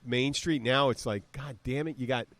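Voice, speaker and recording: A man in his fifties from the southern United States hosts a casual podcast chat. He rambles from story to story and slips into quick voice impressions when he retells them. His voice sits at an ordinary male pitch, recorded close and dry with no room sound. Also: fairly bright tone, no room sound. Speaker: podcast host.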